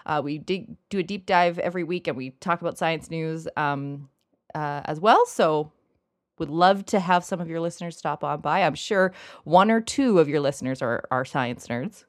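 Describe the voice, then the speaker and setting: Female podcast guest; deep voice for a woman; upbeat, laughs often; dry recording. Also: normal speed, no room sound. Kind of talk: casual chat.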